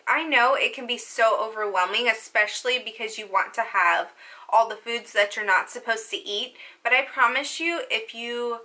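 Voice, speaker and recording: Bright, chatty young woman vlogger. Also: fairly high pitch. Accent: Southern US country. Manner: rambling, upbeat, jumps between topics. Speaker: lifestyle vlogger. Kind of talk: casual chatty advice to viewers.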